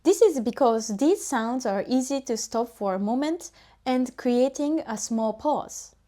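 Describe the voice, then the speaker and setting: A woman's voice: fairly high pitch, lively intonation, a little slow, dark tone. A woman language teacher explaining patiently and methodically, breaking down spoken examples step by step.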